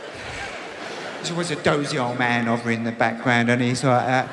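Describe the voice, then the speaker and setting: A man's voice: medium pitch, normal speed, heavy background noise. A man doing a stand-up routine, mocking and chatty with tag questions. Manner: mocking, conversational with asides. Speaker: stand-up comedian. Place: large live venue. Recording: live in a large echoing hall with audience.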